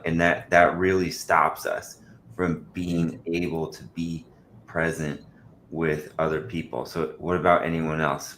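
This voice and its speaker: A man's voice: very deep voice, fairly bright tone, slight background noise. A man hosting a panel discussion, playful and chatty, slipping into silly voices when he tells a story. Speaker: panel host.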